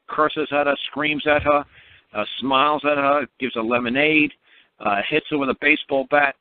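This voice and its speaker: A man's voice: mid-range voice, slight background noise. Blunt man on a tinny radio line. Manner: blunt, emphatic, repetitive, laughs at his own stories. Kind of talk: animated monologue on a call-in radio show.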